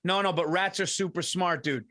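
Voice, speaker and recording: A man's voice: high voice, moderate pace, bright, forceful tone. A man telling a rambling, profane story as a podcast co-host in casual chat.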